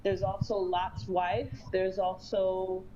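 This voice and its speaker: A woman's voice: medium pitch, takes it slowly, muffled recording, a crowd in the background. A woman with a New York accent debating in a casual livestream, hesitant with many ums. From New York City. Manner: hesitant, full of ums, then animated. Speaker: debate panelist.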